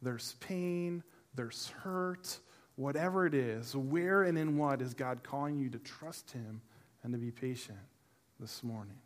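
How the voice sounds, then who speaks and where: A middle-aged man, a pastor preaching to a church congregation, telling a personal story with humor and animation, then turning softer and earnest. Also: mid-range voice, a little slow. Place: church service before a congregation.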